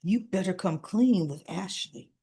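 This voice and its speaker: A woman's voice: fairly low pitch, unhurried, mellow, slightly rough. A woman voicing a blunt, no-nonsense woman friend, talking in a scolding way.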